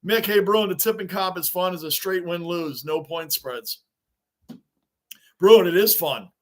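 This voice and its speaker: A man hosting a live sports reaction stream, excitable and rambling as he answers viewers' chat. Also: high voice, a little slow. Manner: excitable, talks back to chat comments, rambling.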